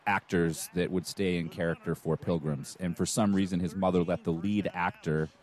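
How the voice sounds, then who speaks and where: Low-voiced guy on a podcast walking through the plot, chatty. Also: fairly even intonation, moderate pace, a little mellow. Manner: recaps the plot in detail, reads off cast names. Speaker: podcast co-host. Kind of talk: casual chat.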